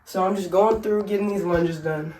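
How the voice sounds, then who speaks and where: A fairly low, mellow voice with a steady tone and moderate pace belongs to a family vlogger making a casual instructional video at home. The room echoes; she's ill and out of breath, yet she demonstrates easy workouts with chatty humor and self-directed laughter.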